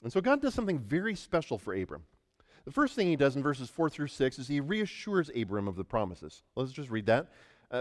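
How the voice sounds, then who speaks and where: A man's voice: medium pitch, very animated, brisk. A man preaching a sermon to a congregation, talking through scripture in a conversational way and asking them questions. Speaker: pastor. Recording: long hall reverb.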